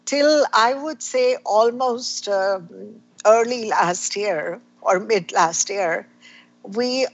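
A woman's voice: fairly high pitch, lo-fi sound. A woman speaking as an interview guest, earnest and searching, often restarting her sentences. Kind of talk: reflective conversation.

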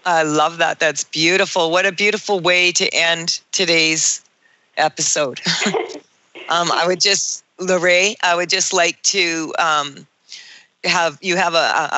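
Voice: mid-range voice, bright, forceful tone, dry recording. A podcast host running a casual spiritual interview, enthusiastic, with many restarts and fillers.

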